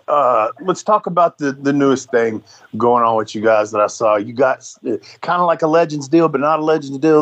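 Male podcast co-host, relaxed and easygoing, mid-pitched voice. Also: rough recording. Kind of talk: casual interview chat.

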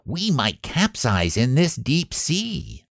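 A man's voice: mid-range voice, huge pitch swings, slow, gravelly, dry recording, clean studio sound, voice pushed up, full character voice. A man voicing frightened little pea children in a storybook rhyme. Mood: alarmed. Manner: squealing, alarmed.

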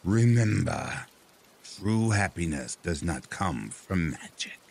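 A man voicing a stern, cold old witch in a storybook tale, speaking slowly in archaic phrasing. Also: deep voice, expressive, vocal fry, a little mellow, husky, exaggerated voice. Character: stern, ancient woodland witch.

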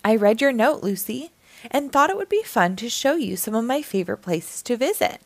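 A woman's voice: fairly high pitch, expressive, normal speed, dry recording. A woman voicing a kindly, cheerful old Santa who explains things with a smile. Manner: warm, smiling, gently explaining.

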